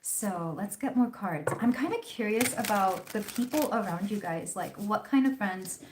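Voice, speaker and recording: A woman's voice: mid-range voice, expressive, normal speed, noisy background. A woman hosting a live tarot reading, chatting casually and rambling with fillers. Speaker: tarot reader hosting a livestream. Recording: roomy echo.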